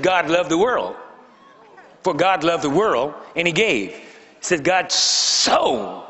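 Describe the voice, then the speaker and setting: A man's voice: medium pitch, a bit bright, long reverb tail. A male pastor preaching a sermon to a congregation. He teases and jokes with them, leans hard on key words and repeats phrases for emphasis. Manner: joking, teasing the congregation between emphatic points. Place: church sanctuary before a congregation.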